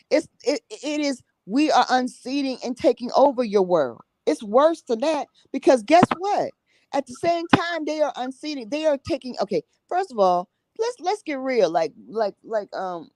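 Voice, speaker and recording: A woman's voice: fairly high pitch, a little mellow, dry recording, rough recording. Emphatic, blunt-talking woman guest. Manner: emphatic, repeats herself, drops tag 'okay?'; blunt, salty language. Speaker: guest, summit organizer. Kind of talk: passionate conversational talk.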